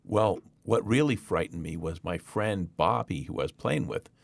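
A middle-aged man telling a personal testimony in a lively, animated way, acting out the voices of the people in his story. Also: low-pitched, normal speed, gravelly, no echo. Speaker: guest.

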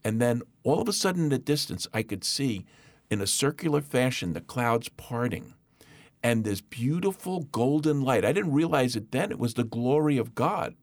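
Middle-aged guy telling his testimony, really lively pitch, acts out voices, dry sound. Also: normal speed, no echo. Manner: animated storyteller acting out voices. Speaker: guest.

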